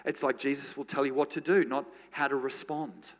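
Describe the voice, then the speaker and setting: A man preaching in a church, his voice carrying a long hall reverb. He tells stories with animated energy and then drops into hushed, prayerful words. His pitch sits mid-range for a man. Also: fairly quick, few pauses. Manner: animated storytelling, dropping to soft prayerful tones. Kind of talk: sermon.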